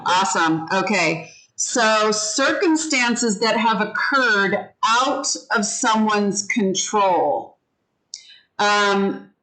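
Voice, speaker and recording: A woman's voice: medium pitch, a bit bright, low-quality recording. A woman teaching an English vocabulary lesson, patiently walking the class through word meanings and having them repeat each word after her. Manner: slow, patient, leads the class in repeating words. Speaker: ESL teacher.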